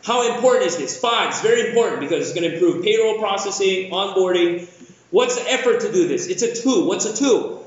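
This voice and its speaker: Energetic male keynote speaker from the Philippines, bright high voice, echoey lo-fi hall sound. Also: fairly quick. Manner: energetic, jokey, asks the audience questions. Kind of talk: conference keynote talk. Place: large conference hall.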